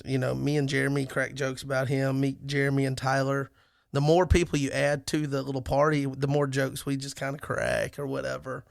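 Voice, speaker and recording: A man's voice: medium pitch, vocal fry, no echo, studio quality. A man co-hosting a podcast, chatting casually, joking and rambling with restarts. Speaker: podcast co-host. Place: lives in Alabama.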